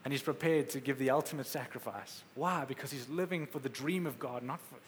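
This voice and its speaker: A man of medium pitch preaches briskly, with a little hiss or hum on the recording. His sermon is conversational and emphatic, quotes acted out, and the echoey hall holds faint ambience.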